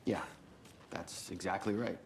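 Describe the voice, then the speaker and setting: An actor playing a friendly, steady male sheriff in a video game, speaking in an easygoing, plainspoken way. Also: low-pitched, unhurried, gravelly, a little hiss or hum. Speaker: game character.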